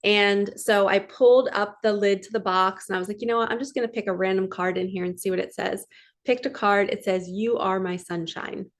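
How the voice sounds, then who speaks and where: A woman's voice: medium pitch, fairly even intonation, a little fast. A woman in her thirties, a spiritual coach, talking casually and earnestly, stressing and repeating short phrases. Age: 30s. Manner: earnest, emphatic, repeats mantras. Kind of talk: casual inspirational monologue.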